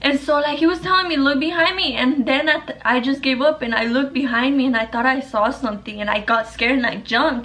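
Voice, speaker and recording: Young female vlogger with a slightly high voice, telling a story in a loose, profane, filler-heavy way. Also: a bit bright, a little hiss or hum. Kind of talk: casual storytelling to camera.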